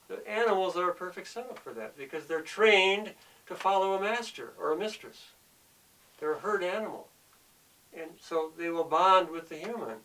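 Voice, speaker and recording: A man's voice: fairly high pitch, bright, forceful tone, distant mic, low-quality recording. A man delivering an earnest, preachy monologue, often repeating himself as he presses his point. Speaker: speaker of the show.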